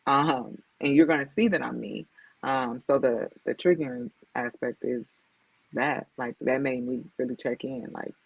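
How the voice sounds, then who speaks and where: A woman's voice: extremely low pitch, unhurried, gravelly, husky, no echo. A woman guest talking candidly and reflectively on a podcast, speaking directly and acting out the voices she quotes. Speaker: guest author and motivational speaker. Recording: dull lo-fi dry sound.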